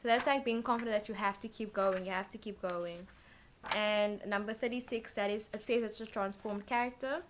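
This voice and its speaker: A woman talks through a tarot card reading in a loose, rambling way, filling pauses with ums and likes as she thinks aloud. Her voice sits at an ordinary middle pitch. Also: fairly even intonation, noisy background. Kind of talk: casual tarot reading vlog.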